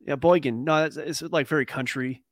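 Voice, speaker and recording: A man's voice: medium pitch, brisk, fairly bright tone, dry recording, studio quality. Joking male co-host telling stories. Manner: joking, tells stories with goofy voices. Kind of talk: casual podcast chat.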